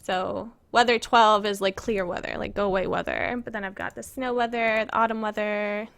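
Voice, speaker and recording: A woman's voice: medium pitch, fairly even intonation, moderate pace, gravelly, a bit bright. A woman casually chatting on a live stream as she shows her game-making work, giggling and rambling as she reads viewer questions aloud.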